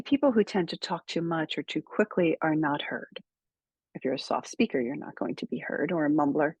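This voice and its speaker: Woman speaker coach, low husky voice, measured and emphatic, dry close sound. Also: no echo. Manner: measured, emphatic, deliberate pauses. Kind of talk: direct-to-camera speaking tips.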